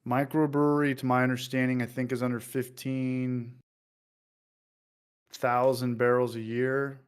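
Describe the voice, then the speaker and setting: A man's voice: medium pitch, little pitch movement, a little slow, smooth. A man casually hosting a livestream, joking loosely and reading out viewer comments. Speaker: livestream host.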